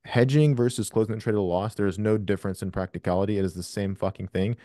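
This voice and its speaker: A man's voice: on the low side, steady tone, quick pace, warm tone, no room sound, clean studio sound. A man hosting a live trading question session over a video call, blunt and profane with emphatic explanations. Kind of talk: live Q&A coaching.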